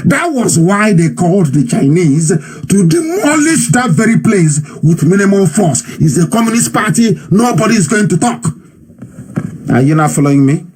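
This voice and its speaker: A man's voice: high-pitched, big pitch swings, moderate pace, darkish tone, husky. A man with a Nigerian accent giving an impassioned live radio broadcast, mocking and repeating himself for emphasis.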